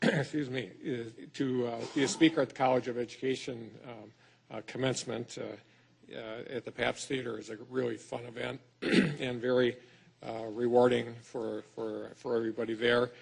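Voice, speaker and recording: A man's voice: medium pitch, fairly even intonation, moderate pace, gravelly, breathy edge. A middle-aged man from Wisconsin with a Wisconsin accent, giving a folksy, self-deprecating conference speech as a state schools superintendent, with many fillers and restarts. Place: lecture hall.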